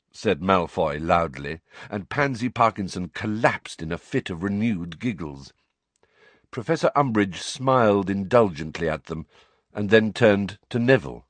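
A man narrating a novel with expressive, dramatic delivery. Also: low voice, measured pace, no room sound. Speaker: audiobook narrator.

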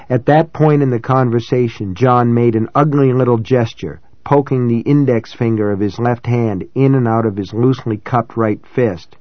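Calm and reflective, a male audiobook narrator of medium pitch voices a novel told in the first person. He keeps an even, measured delivery, captured in a close, dry, slightly dull recording free of room sound.

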